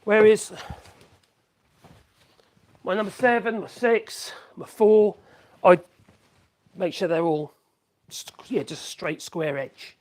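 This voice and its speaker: A man's voice: high-pitched, takes it slowly, pauses often, a little mellow. A man talks casually through a woodworking live stream. He rambles, stops to correct himself, and hums little tunes between thoughts. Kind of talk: casual live-stream chat while working.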